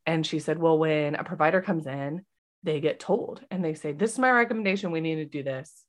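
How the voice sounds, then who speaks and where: A woman in her thirties, a nurse who co-hosts a podcast, speaks in a low voice a little quickly. She chats casually and animatedly, acting out the voices of the people in her story.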